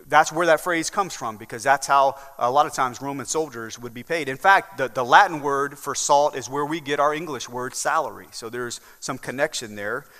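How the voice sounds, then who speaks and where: Preaching in a church sanctuary full of long reverb, a man with a Southern American accent raises his emphasis and keeps checking in with "right?" His medium-pitched, sharp voice moves at normal speed with hardly any pauses.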